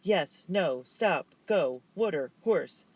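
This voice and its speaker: A man's voice: a little high, expressive, slow pace, pitched above the performer's own voice, exaggerated voice. A man doing a defiant, mocking boy. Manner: mocking sing-song. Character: secretive, defiant young boy.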